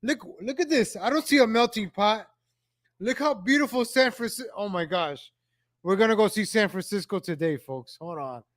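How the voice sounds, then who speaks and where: A man's voice: high voice, animated, normal speed. A man reacting to old street footage, ranting with exasperation and repeating his phrases over and over. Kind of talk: reaction commentary.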